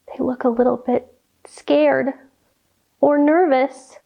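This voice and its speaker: A woman reading a picture book aloud and leading children through yoga poses in a slow, sing-song, animated way. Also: high voice. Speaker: kids' yoga teacher reading a story. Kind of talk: storytime yoga lesson for children.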